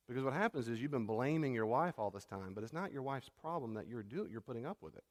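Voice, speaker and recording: A man's voice: mid-range voice, animated, fast, hardly any pauses. Middle-aged pastor guy preaching, chatty, says things twice, long hall echo. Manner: conversational, repeats key phrases, self-deprecating asides. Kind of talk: sermon.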